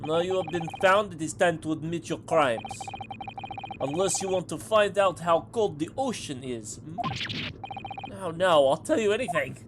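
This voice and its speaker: A man's voice: fairly high pitch, normal speed, noisy background. Flustered man reading a game's lead. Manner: flustered, exclaiming. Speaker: streamer voicing a game's lead. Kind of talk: live game dub reading. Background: game music.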